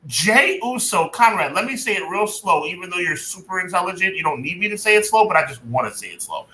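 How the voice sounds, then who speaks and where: A man co-hosting a podcast in casual chat, talking emphatically and dragging words out slowly for effect. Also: high voice, big pitch swings, bright, forceful tone. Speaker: podcast co-host. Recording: echoey room with faint noise.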